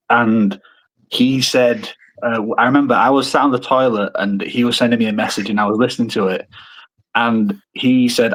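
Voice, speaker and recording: A man's voice: mid-range voice, poor audio. A man, a wrestler guest, chatting in a rambling, self-interrupting way over a video call.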